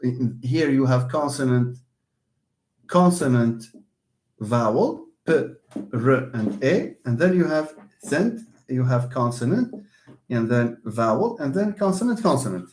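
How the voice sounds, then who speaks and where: Animated Moroccan man teaching English. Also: medium pitch, unhurried. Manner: switches between English and Darija, repeats key points; animated, calls on students by name. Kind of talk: online classroom lesson.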